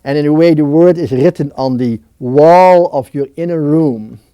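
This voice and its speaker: A man's voice: fairly high pitch, normal speed, mellow, clear, resonant tone, dry recording. A man being interviewed, talking in a reflective way with a restless, nervous energy and many restarts. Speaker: interview guest. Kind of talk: reflective interview talk on prayer.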